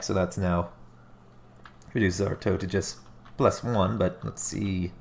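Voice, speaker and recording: A man's voice: low-pitched, creaky, slight background noise. A man casually casting a strategy game replay, stuffy and nasal from allergies, musing aloud and correcting himself as he talks. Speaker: game caster. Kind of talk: live play-by-play commentary on a strategy game replay.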